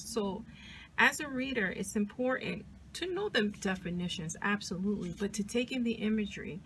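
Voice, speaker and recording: A woman's voice: medium pitch, a bit bright, a little hiss or hum. A woman casually walking through and reviewing a new card deck, chatty and enthusiastic, often restarting her sentences. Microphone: zoomed-in camera close-up.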